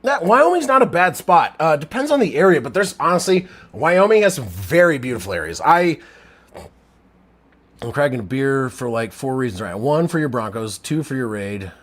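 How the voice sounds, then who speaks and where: A slightly drunk man in his thirties does casual live play-by-play and chats with viewers. His voice sits a touch high and leaps around, dropping to low mumbles and then jumping to loud, excited shouts. His throat sounds strained. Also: moderate pace. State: tipsy, drinking. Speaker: livestream sports commentator.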